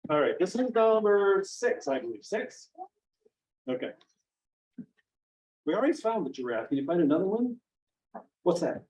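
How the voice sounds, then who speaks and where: In a high voice at a moderate pace, pausing often, a middle-aged Maine children's author tells stories to kids and families, animatedly acting out quoted voices. The setting is a library event room. The recording is distant, dull, and full of echo.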